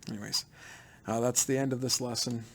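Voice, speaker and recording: A man's voice: medium pitch, steady tone, fairly quick. A man teaching a history lesson in a loose, chatty way, full of asides and fillers.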